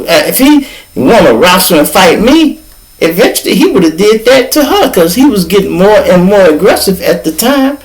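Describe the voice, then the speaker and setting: An older man from Chicago hosting a podcast, telling a story in a casual, animated way, full of profanity and spoken sound effects. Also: high voice, poor audio. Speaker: podcast host.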